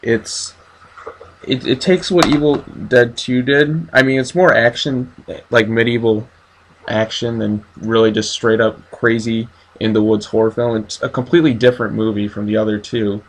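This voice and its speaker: A man's voice: medium pitch, steady tone, moderate pace. A man hosting a casual horror movie review, enthusiastic and asking his co-hosts questions. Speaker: host of a horror review channel.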